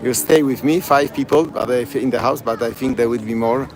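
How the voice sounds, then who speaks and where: A man's voice: medium pitch, fairly quick, music in the background. A man with a Polish accent leading a walking tour in broken, chatty English, repeating place names as he goes. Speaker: tour guide. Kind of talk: live-streamed walking tour. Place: outdoors on city streets at night. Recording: street noise behind.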